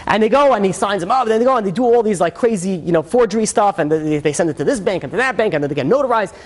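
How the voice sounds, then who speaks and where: A man, a rabbi, telling a dramatic story in a sermon, with lively, conversational storytelling that swings into character voices. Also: very fast. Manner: animated storyteller, acts out characters with shifts in pitch; conversational, many fillers.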